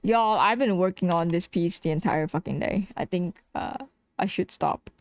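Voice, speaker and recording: Speaking at a normal speed in a fairly low voice with no room sound, a tired woman draws on stream. She keeps the chat casual, laughs a great deal, swears, and teases herself.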